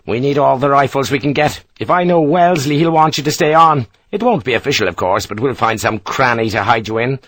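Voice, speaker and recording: A man doing a brisk Irish army captain. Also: mid-range voice, dry recording, natural voice. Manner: brisk, energetic, emphatic. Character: middle-aged male Irish engineer captain, ebullient.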